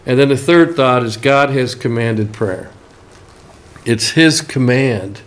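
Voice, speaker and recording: Pastor preaching in a conversational tone. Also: male voice, mid-range voice, takes it slowly. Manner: folksy storytelling with a joke, conversational. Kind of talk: sermon.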